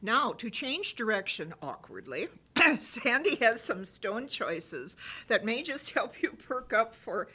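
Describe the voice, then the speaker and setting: A woman's voice: fairly high pitch, big pitch swings, slow, pushed and bright, slightly rough. A woman co-hosting a casual chat, telling wry stories while fighting a cough. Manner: chatty storyteller, wry humor. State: coughing cold. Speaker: co-host.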